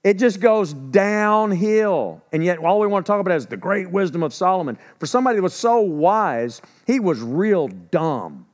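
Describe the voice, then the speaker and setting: A male preacher with a slightly high voice delivers his sermon in a loose, conversational way. He asks rhetorical questions and answers them himself. He acts out people's words in a casual, everyday voice. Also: big pitch swings, moderate pace, few pauses. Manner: acts out quoted speech in a casual voice. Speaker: pastor.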